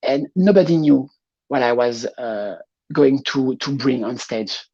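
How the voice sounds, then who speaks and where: A woman with a French accent, a pageant showgirl talking as a guest in a casual interview, laughing often and pausing to find her words. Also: rumbling low, warm tone, breathy edge, muffled recording.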